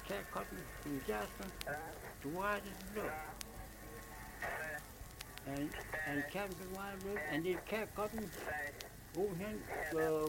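An older man with a Southern US accent, talking in a rambling, repetitive, halting way as he recounts his memories for an oral history. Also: high-pitched, vocal fry. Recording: noisy old archival recording.

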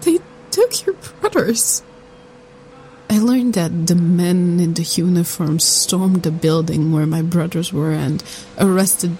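Soft-spoken woman narrating slowly. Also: on the low side, slight background noise, rough recording. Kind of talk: scripted first-person storytelling.

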